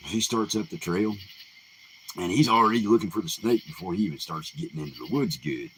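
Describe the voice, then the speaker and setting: A man casually retelling folk tales in an unhurried, folksy way, full of fillers and restarts. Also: low-pitched, expressive, a bit bright, slight background noise, poor audio. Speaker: live Q&A host. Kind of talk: casual oral storytelling.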